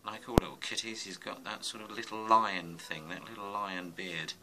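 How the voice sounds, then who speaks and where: A man's voice: on the low side, flat delivery, moderate pace, heavy background noise. A man giving a casual drawing tutorial, muttering and rambling to himself as he sketches. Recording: music playing underneath. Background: music.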